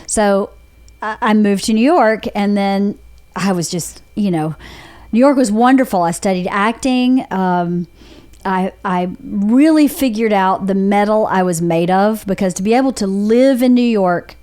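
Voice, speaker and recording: A woman's voice: mid-range voice, measured pace, darkish tone. Candid Southern woman telling her story. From Georgia, US. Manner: candid, rambling storytelling with frequent restarts. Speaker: podcast host. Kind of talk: casual chat.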